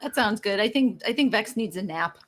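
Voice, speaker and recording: A woman's voice: mid-range voice, lively intonation, brisk, noisy background. A woman playing a tabletop role-playing game, chatting and giggling with the group. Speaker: player. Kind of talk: tabletop role-play chat.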